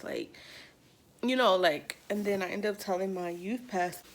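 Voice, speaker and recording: A young woman vlogger casually telling a personal story, slangy and animated, acting out what people said with lots of "like.". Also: lowish voice, normal speed, slight background noise. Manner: slangy, animated quoting, many "like"s.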